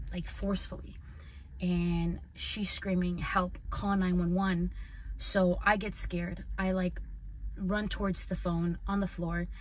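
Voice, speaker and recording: An earnest woman recounts her own life story on her podcast, at an ordinary middle pitch. Her talk is loose and conversational, with plenty of "like" and "you know". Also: a bit bright, slight background noise. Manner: earnest, conversational, full of "like" and "right?". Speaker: podcast host. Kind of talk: personal storytelling.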